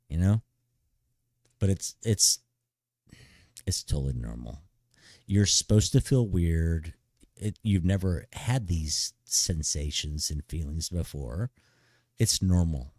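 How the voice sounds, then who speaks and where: In a casual live stream, a middle-aged man gives laid-back, blunt, profane big-brother advice, saying "dude" over and over. His voice sits low with a darkish tone, and the studio-quality recording has no room sound.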